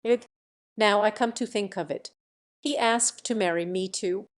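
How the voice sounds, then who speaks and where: A woman's voice: mid-range voice, unhurried, lightly acted. A self-important town bailiff from a fairy tale who puffs up with indignation, as a woman reading the story puts him on. His lines sound pompous and offended. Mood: indignant.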